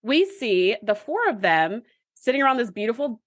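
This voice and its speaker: A woman's voice: fairly high pitch, very animated, normal speed, no room sound, clean studio sound. A woman co-hosting a podcast in an eager, gushing, chatty way. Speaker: podcast co-host. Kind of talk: casual chat.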